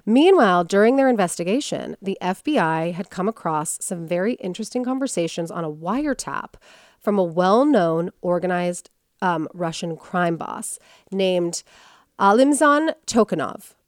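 A woman hosts a casual storytelling podcast, slipping into quoted voices and filler words as she goes. Her voice is smooth and clear, and the recording is dry and close. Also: fairly low pitch, moderate pace, no echo. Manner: chatty, animated, with many fillers and quoted voices. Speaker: podcast host.

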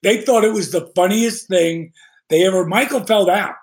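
A man who is a guest on a podcast, telling profane, animated stories and acting out the voices of people he quotes. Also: sits high, normal speed. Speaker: guest, retired pro wrestler. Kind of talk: profane storytelling podcast chat.

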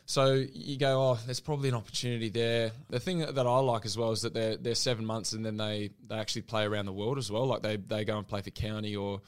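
A man's voice: on the low side, fairly even intonation, clean tone. A young man with a New Zealand accent, chatting easily as a podcast guest and often repeating words as he thinks. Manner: easygoing, quick laughs, repeats words while thinking. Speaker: guest, professional fast bowler. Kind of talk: casual chat.

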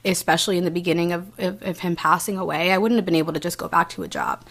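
A young woman speaking as an interview guest in a fairly low voice, earnest and halting. She restarts often and leans on fillers as she tells a personal story. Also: steady tone, a bit bright.

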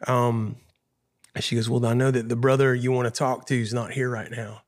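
Man, guest musician, heartfelt storytelling, earnest and emotional, mid-pitched voice. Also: flat delivery, moderate pace. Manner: earnest, emotional, repeats phrases and says "man" often.

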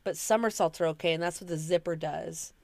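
A woman's voice: fairly low pitch, brisk, gravelly, a little mellow, no room sound. A woman co-hosting a podcast in casual chat, telling rambling stories with many restarts. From Washington state. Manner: chatty storyteller, rambling with restarts. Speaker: podcast co-host.

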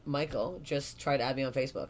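A woman from Canada, a guest comedian in a casual podcast chat, telling animated stories and swearing often. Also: a bass voice, fast.

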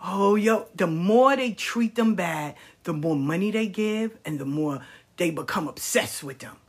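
A woman with a husky, breathy edge to her voice holds forth in a candid storytelling monologue. She talks bluntly and swears freely, leaning hard on her emphasis. Now and then she slips into mimicking the people in her stories. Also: on the low side, lively intonation, unhurried. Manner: mimics people in quoted asides.

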